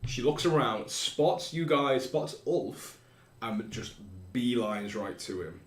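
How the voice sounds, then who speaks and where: A man's voice: medium pitch, lively intonation, slow pace. Rambling man running a tabletop game. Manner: conversational, rambling with restarts. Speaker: game master. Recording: roomy echo.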